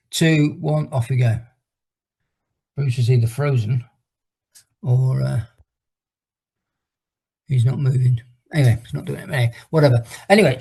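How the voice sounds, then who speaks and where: Over a video call, a middle-aged male fitness instructor runs an online workout, his voice a little high, darkish and edged with breath. He spins a long, meandering story, pausing to count down each exercise.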